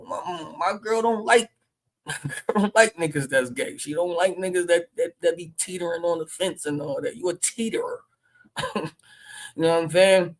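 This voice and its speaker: A man with a Philadelphia accent hosting a casual livestream, brash and loud, trash-talking and laughing often. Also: fairly high pitch, moderate pace, poor audio. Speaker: livestream host.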